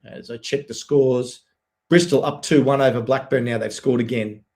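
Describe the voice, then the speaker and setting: A man giving live, excitable play-by-play on a fan watch-along stream, chatting with viewers between plays. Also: medium pitch. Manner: excitable, quick play-by-play with frequent "yep"s. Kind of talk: live match commentary and chat with viewers.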